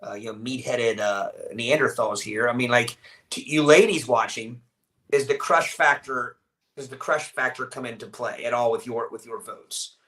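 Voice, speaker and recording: A man hosting a casual live podcast, talking in a rambling, halting way with many restarts. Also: mid-range voice, a bit bright, rough recording. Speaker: podcast host.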